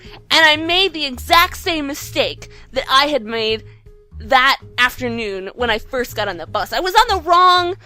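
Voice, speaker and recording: A woman vlogger telling a story in a casual, animated way, swearing now and then. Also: high-pitched, unhurried, soft background music. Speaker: game dev vlogger.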